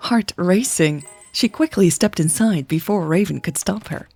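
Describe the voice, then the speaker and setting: Low, gravelly woman reading a story. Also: moderate pace, hardly any pauses, a little mellow, soft background music. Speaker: podcast host and narrator. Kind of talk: reading a romance story aloud.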